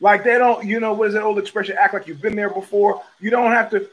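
A man's voice: high-pitched, fairly even intonation, fast talker, rough recording. A middle-aged man hosting a podcast, talking in a profane, rambling casual monologue full of restarts. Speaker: podcast host.

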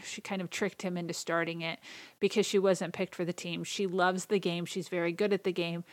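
A woman's voice: mid-range voice, dry recording. A woman hosting a podcast, chatting enthusiastically through a casual movie recap. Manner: chatty and enthusiastic, reading out favorite quotes. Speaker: podcast host.

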